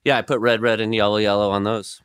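Male podcast guest, deadpan absurd storyteller, casual chat, dry close sound. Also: fairly low pitch, fast, clean tone, dry recording.

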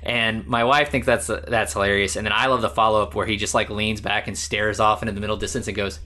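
Guy with a bright kinda lowish voice, rambling casual movie chat, laughs a lot. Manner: animated, rambling, quick to laugh. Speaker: podcast co-host.

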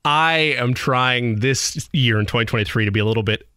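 A man's voice: medium pitch, normal speed, sharp tone, clean tone, no room sound. A man co-hosting a radio show from a studio, chatting casually and laughing along. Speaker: radio co-host. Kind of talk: casual sports radio chat.

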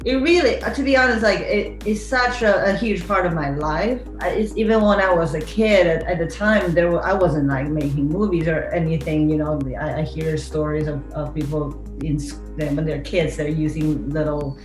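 Halting woman director in a roomy space. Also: low voice, soft background music. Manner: halting, many restarts and fillers. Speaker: film director, interview guest. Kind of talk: casual interview answer. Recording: roomy sound.

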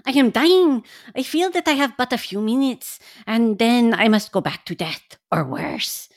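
A frail, feverish man on his deathbed, read by a woman in a casual group reading. His voice is faint and strained, pleading with desperate urgency, sitting a touch high. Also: expressive, normal speed, dry recording, studio quality. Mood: urgent. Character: weak, feverish dying male asylum patient. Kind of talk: amateur group reading of a novel.

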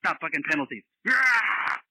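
A man's voice: on the high side, animated, moderate pace, creaky, pushed and bright, husky, no echo, rough recording. A man leaving an angry, swearing voicemail rant. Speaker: caller.

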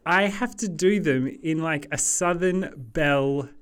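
Slow, laid-back podcast co-host. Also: mid-range voice, smooth. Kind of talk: casual chat.

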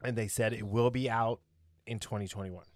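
A man's voice: lowish voice, fairly even intonation, fairly quick, no room sound, clean studio sound. A man hosting a casual podcast. He rambles, corrects himself and laughs often, and he sounds tired after a long day. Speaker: podcast host.

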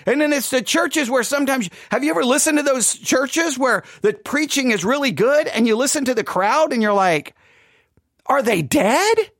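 A man's voice: extremely high pitch, lively intonation, a little fast, few pauses, fairly bright tone, dry recording, studio quality. A man reviewing a sermon in critical commentary, perplexed and questioning, often stammering as he restarts his thoughts. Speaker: podcast host reviewing a sermon.

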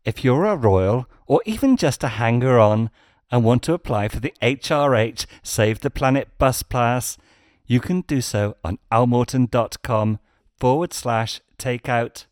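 British male podcast host, sardonic and wry, mid pitch, dry close recording. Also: animated, unhurried, a little mellow, no room sound. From Britain. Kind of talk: satirical political commentary. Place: home in Spain.

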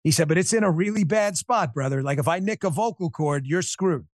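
Excitable high-voiced man telling a story. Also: no echo, clean studio sound. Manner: animated, emphatic, quick restarts. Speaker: podcast host and interview guest. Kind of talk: emotional personal storytelling.

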